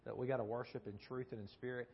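A man with a somewhat husky voice preaches in a loose, conversational way, stumbling over restarts and doubling back on his words. He often turns to his listeners with questions. The recording sounds dull and lo-fi. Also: medium pitch, steady tone, quick pace. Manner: rambling, frequent restarts and repeated words; asks the audience questions. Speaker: preacher teaching a Bible class. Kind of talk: conversational sermon with storytelling.

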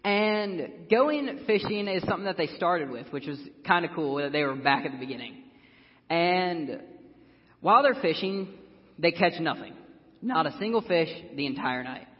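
A man's voice: fairly high pitch, expressive, normal speed, in a large hall, highs cut off. A young man giving an informal personal sermon as a church speaker, earnest and casual, with lots of fillers.

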